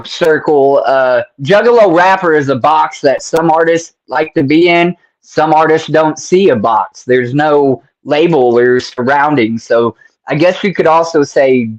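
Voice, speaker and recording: A man's voice: medium pitch, dull audio. A man hosting a casual interview, chatty and friendly, laughing often and using lots of slang. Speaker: interview host.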